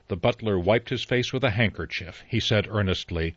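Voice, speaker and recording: A man narrating an audiobook in an even, unhurried storytelling manner. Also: sits low, slightly rough, dry recording. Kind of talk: scripted narration. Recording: slightly dull dry recording.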